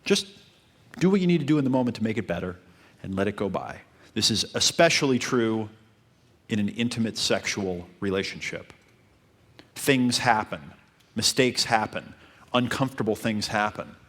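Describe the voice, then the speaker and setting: A man giving dating advice in a calm coaching talk, repeating his points. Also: on the low side, moderate pace, long pauses.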